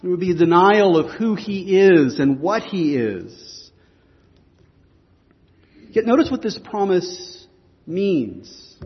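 Male pastor, high voice, measured delivery, earnest preaching; dull recording with long hall reverb. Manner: earnest, emphatic preaching with repeated restarts. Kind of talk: sermon.

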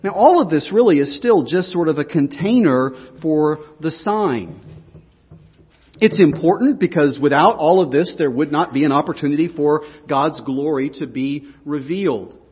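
High-voiced husky preacher in a hall. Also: male voice, lively intonation, moderate pace, highs cut off. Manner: explanatory, asks the congregation questions. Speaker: pastor. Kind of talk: sermon.

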